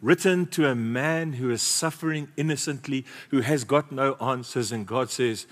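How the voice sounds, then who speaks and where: Male pastor, mid-pitched, fervent sermon delivery, long hall reverb. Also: moderate pace, hardly any pauses. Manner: passionate, swings from loud exclamations to soft asides.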